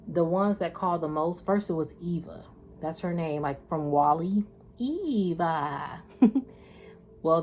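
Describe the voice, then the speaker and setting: A spiritual tarot reader with a low, darkish voice does a casual reading. She chats with viewers in a slangy, loose way.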